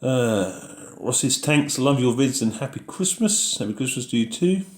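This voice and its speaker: A man's voice: medium pitch, expressive, measured pace, reverberant. A man hosting a casual live question-and-answer chat about farming, reading out viewer messages and answering them in an easygoing way.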